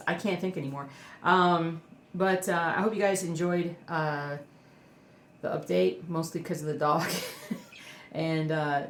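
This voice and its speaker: Woman, low voice, casual chat, rambling with fillers, echoey room, faint hiss. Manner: rambling, with many fillers and baby talk to her dog. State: emotional, near tears. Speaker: cross stitch vlogger. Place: indoors at home.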